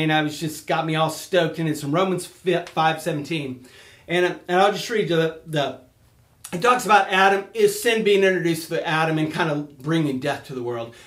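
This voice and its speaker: A man preaching a casual sermon, excitable and animated, laughing often as he talks. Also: high voice, echoey room.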